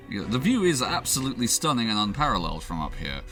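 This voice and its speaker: A man's voice: mid-range voice, very animated, fast talker, a bit bright, faint music behind. A man narrating as game master of a tabletop game, rambling with many fillers and laughs.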